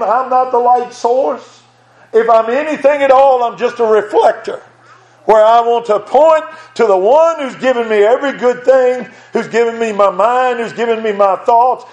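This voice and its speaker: High-voiced preacher in an echoey church. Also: male voice, darkish tone. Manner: earnest, quotes scripture in old-style wording. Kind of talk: sermon. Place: small church, at the pulpit.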